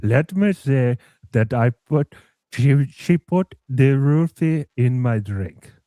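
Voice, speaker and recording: A man doing a deep, scheming office guy. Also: expressive, dark tone, dry recording, studio quality. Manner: slow, deep, mock-earnest pleading. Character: scheming male office worker plotting a false claim.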